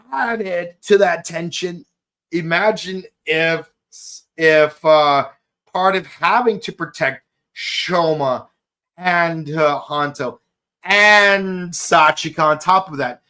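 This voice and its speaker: A man in his thirties hosting a podcast, gushing through an excited solo review with many fillers and exclamations. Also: a little high. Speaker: podcast host reviewing an episode.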